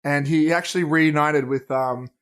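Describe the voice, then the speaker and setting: A man's voice: fairly high pitch, steady tone, moderate pace, fairly bright tone. A man co-hosting a movie podcast in casual chat, rambling and swearing freely as he tells stories. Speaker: podcast co-host.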